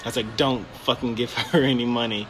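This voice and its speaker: A man's voice: medium pitch, steady tone, brisk, noisy background. A man casually telling a story about his job managing a store, laughing often and swearing freely. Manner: laughing often, swearing, quoting in put-on voices.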